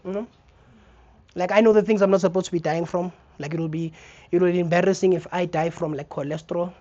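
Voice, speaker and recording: Animated South African stand-up comedian. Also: male voice, high-pitched, fairly quick, dull audio. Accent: South African English. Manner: animated storytelling, acts out scenes. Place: comedy theater stage.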